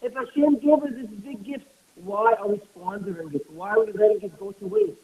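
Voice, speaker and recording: A man's voice: sits high, fairly quick, slightly rough. A man giving a sermon who tells stories and asks rhetorical questions as he teaches. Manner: rhetorical questions, animated storytelling. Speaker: rabbi giving a talk. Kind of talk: sermon with storytelling. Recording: tinny phone-like lo-fi audio.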